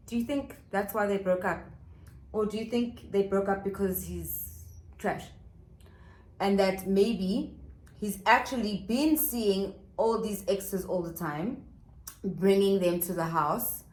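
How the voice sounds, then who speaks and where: A woman's voice: mid-range voice, slow, darkish tone. A woman vlogger telling a gossip story while doing her makeup at home, chatty with dramatic asides to viewers. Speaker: beauty vlogger. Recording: echoey room.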